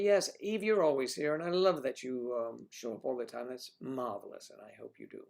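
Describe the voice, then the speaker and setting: A man's voice: medium pitch, moderate pace, creaky. A man hosting a casual livestream, chatting with viewers and making playful puns, sometimes dropping into a whisper. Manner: playful, punning, drops into whispers. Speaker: livestream host. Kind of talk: casual chat reading viewer comments.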